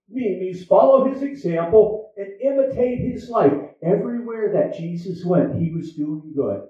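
A man's voice: high-pitched, expressive, moderate pace. A man preaching a sermon as pastor, in a conversational style that repeats its points. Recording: echoey, dull sound from far off.

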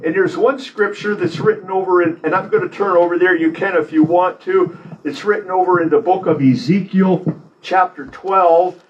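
A man delivers a sermon from a church podium, his voice sitting noticeably high. He preaches earnestly, leaning on repeated phrases to drive each point home. The recording is slightly dull and muffled. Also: slight background noise. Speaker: pastor.

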